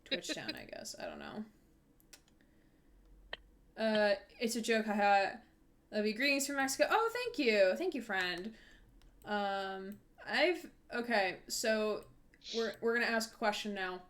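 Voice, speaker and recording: A woman's voice: medium pitch, big pitch swings, a little slow, pauses often, fairly bright tone. A woman hosting a live game stream, chatting casually and rambling with many fillers and self-corrections. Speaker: streamer host. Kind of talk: casual chat while playing a game live.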